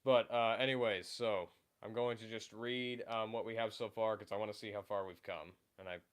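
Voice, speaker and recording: A man's voice: fairly low pitch, fairly even intonation, moderate pace. A young man hosting a livestream, chatting casually with many fillers and restarts as he brainstorms a story with his viewers. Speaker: livestream host.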